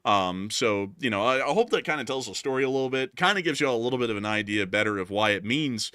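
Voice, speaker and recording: A man's voice: mid-range voice, lively intonation, quick pace, pushed and bright, smooth, no room sound, clean studio sound. A man in his early twenties co-hosting a news livestream, earnestly thanking viewers with frequent fillers. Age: 20s. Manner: earnest, repetitive thank-yous, lots of fillers. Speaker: news channel co-host. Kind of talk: livestream chat, reading super chats.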